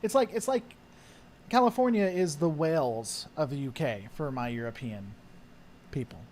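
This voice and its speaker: Hosting a laid-back chat, this man answers viewer questions at a normal speed in an animated, fairly high-pitched voice with a darkish tone. His replies ramble, packed with fillers and thoughts that trail off, over slight background noise.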